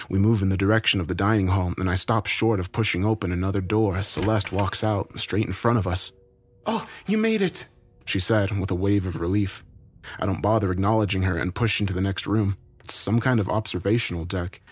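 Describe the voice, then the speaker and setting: Husky, low-voiced male horror narrator. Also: steady tone, a little fast.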